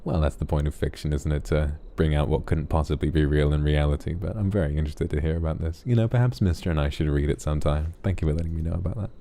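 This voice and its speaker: A man hosting a soft late-night ASMR stream, gently reading viewers' messages aloud and answering them affectionately. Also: extremely low pitch, quick pace, gravelly, few pauses.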